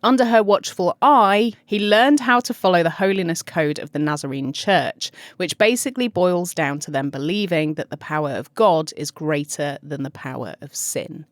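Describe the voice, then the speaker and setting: A woman's voice: lowish voice, normal speed, few pauses, no echo. Giggly British woman telling true crime. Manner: chatty, giggly storyteller. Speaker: podcast host. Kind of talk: true crime podcast narration.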